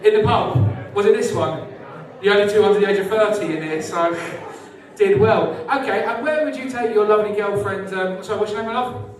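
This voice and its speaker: Male compere, high voice, sweary banter with the crowd, very roomy club sound heard from afar. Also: fairly quick. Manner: chatty, sweary, teasing the audience. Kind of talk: live club hosting. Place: social club stage. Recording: echoey club room, mic from far off.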